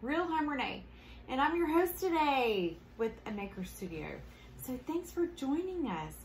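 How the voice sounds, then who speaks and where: A woman's voice: sits high, very animated, normal speed. A woman with a Southern accent, hosting a casual live craft demonstration in a bubbly, chatty way with frequent laughs. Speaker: host. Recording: echoey room with faint ambience.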